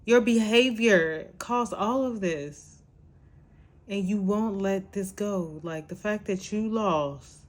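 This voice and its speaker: A woman's voice: medium pitch, slow pace. A woman hosting a podcast, scolding her subject in a blunt, exasperated rant. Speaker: podcast host. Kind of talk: casual reaction rant.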